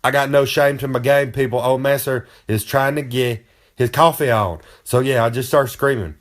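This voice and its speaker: A man's voice: mid-range voice, moderate pace. Brash man bragging in third person. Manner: brags and talks about himself in the third person; folksy rambling drawl. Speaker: wrestler giving comic advice. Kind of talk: comedic boastful monologue.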